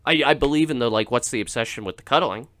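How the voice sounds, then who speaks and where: Bright-voiced joking male radio host. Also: mid-range voice, quick pace. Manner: joking, rambling with laughs and restarts. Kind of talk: casual comedic monologue.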